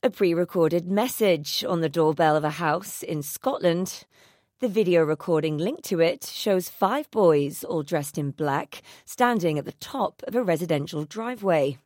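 A woman's voice: fairly low pitch, animated, measured pace, a little mellow, no echo, studio quality. A woman reporter narrating a scripted news package.

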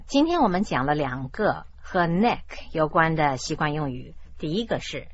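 A woman hosting a radio language lesson who explains idioms in a measured, explanatory way. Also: sits low, big pitch swings. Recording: dull lo-fi radio broadcast.

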